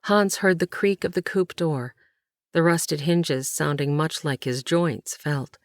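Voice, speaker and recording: Casting: low-voiced woman narrator, slow measured reading, dry close mic. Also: no echo. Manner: measured, even storytelling. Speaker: audiobook narrator. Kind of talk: scripted narration.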